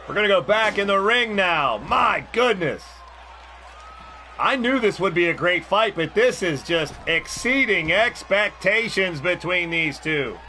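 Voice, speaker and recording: A man doing excited play-by-play commentary and ring announcing for a video game wrestling show, swearing and joking as he calls the action. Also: high voice, measured pace, a little hiss or hum. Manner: shouting, swearing and laughing at brutal spots.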